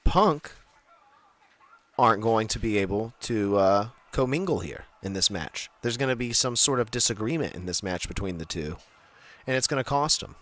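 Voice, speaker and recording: A man's voice: lowish voice, animated, moderate pace, a bit bright. A man co-hosting a casual wrestling podcast, rambling with many fillers and frequent laughs. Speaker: podcast co-host.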